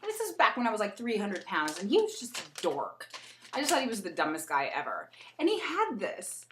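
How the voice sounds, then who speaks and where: Young woman vlogger, chatty and animated, mid-pitch, recorded in a roomy home space. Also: brisk, background noise. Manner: chatty and animated, with laughs while storytelling. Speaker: beauty vlogger. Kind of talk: casual get-to-know-me vlog. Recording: echoey room.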